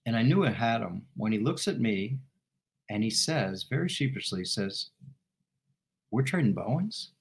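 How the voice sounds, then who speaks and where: Animated man telling a story. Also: lowish voice, moderate pace, creaky. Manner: animated, laughing while he tells it. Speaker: guest, former football team executive. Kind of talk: storytelling anecdote in interview.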